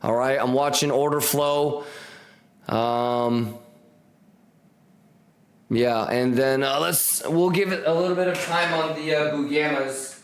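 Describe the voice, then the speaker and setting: A man's voice: medium pitch, steady tone, slow pace, pauses often. A man hosting a live trading stream, hyped and slangy, repeating catchphrases and talking straight to his viewers.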